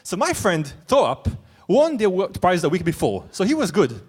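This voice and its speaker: Animated high-voiced male storyteller. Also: normal speed, slightly rough. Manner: animated, excitable, self-mocking. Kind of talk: live storytelling. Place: stage at a live event.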